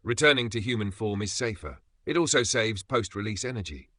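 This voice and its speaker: A man's voice: on the low side, expressive, a little fast, fairly bright tone, no room sound. A man voicing a sneering parasite spirit. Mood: scheming.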